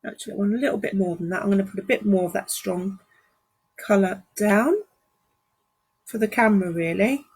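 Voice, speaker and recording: Her mid-range voice is brisk and gravelly, a little mellow and slightly rough, and she pauses often. The London-accented watercolour teacher is live-streaming a painting lesson from her studio, greeting viewers and chatting while she works.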